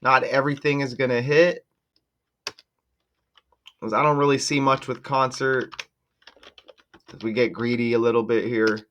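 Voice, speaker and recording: Excitable man talking to his viewers. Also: mid-range voice, measured pace, long pauses. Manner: excitable, exclaims often, talks to viewers directly. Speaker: channel host decoding news numbers. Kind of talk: casual screen-share commentary.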